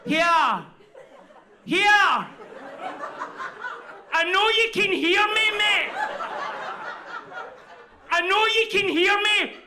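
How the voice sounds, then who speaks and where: A frantic, shrieking baby mermaid in a live comedy show, begging at the top of its lungs. The voice sits very high and strained. The room is full of crowd noise. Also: male voice, lively intonation, very slow, long pauses, full character voice. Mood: frantic pleading. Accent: Glaswegian. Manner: shrill desperate pleading, yelling. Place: comedy venue.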